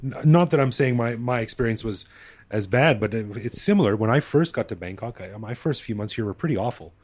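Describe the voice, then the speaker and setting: A man's voice: medium pitch, lively intonation, a little fast, a little mellow, no echo. A man from Canada hosting a podcast, asking curious questions in a casual chat. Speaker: podcast host.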